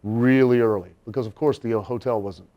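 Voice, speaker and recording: A man in a studio interview, telling an anecdote in an animated way, laughing and acting out the people he quotes. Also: mid-range voice, a little fast, muffled recording. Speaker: guest storyteller.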